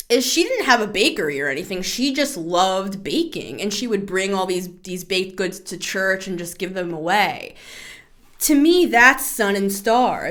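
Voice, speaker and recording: A woman in her thirties hosting a tarot podcast, talking in a casual, chatty way, animated, laughing and swearing freely. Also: mid-range voice. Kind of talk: casual spoken tarot reading.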